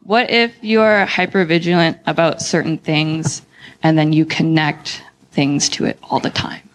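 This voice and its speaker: A woman's voice: low voice, fairly even intonation, a little slow, rough recording. A woman in the audience asking a question, nervous and apologetic. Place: event hall.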